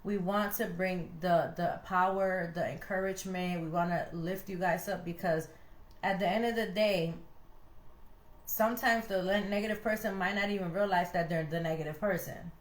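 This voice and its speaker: A young woman from Connecticut, USA, co-hosts a podcast in an echoey room, her voice lowish and her pace normal. She hands out casual relationship advice animatedly, acting out the voices she quotes.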